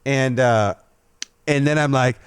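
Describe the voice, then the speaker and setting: A man hosting a podcast and telling a long story in casual chat. He swears freely and jumps to a loud, high voice when he quotes himself. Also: slow pace, smooth, dry recording. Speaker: podcast host.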